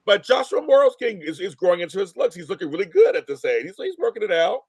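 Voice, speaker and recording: Animated, gushing man in a dry room. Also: sits high, fast talker, slightly rough, dry recording. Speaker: interviewer. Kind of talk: casual chat.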